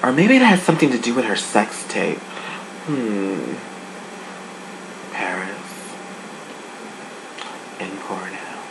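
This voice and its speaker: An adult speaker giving a sassy, gossipy casual review, swinging the pitch up and down for effect. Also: very animated, slow pace, pauses often, noisy background. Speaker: online show reviewer.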